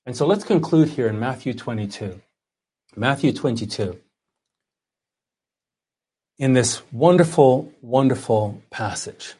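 Guy preaching a sermon, husky voice, rises and falls a lot, slows right down for scripture. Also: mid-range voice, lively intonation, darkish tone. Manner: earnest preaching, reads scripture aloud slowly. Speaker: pastor.

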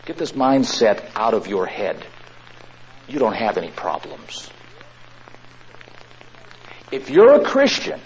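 Animated, emphatic male preacher. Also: on the low side, slow, long pauses, highs cut off, a little hiss or hum. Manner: animated, emphatic, repeats key lines. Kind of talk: sermon.

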